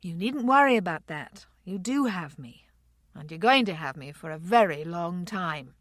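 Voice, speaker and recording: A woman reading a steady, devoted husband. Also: fairly low pitch, moderate pace, no room sound, clean studio sound. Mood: reassuring. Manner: steady, reassuring. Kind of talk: audiobook character reading.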